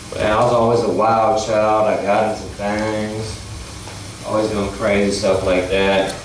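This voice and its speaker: A man's voice: mid-range voice, slight background noise. A man doing rambling stand-up comedy as a talent show contestant on a large stage. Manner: rambling, loose and playful. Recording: echoey stage from far off.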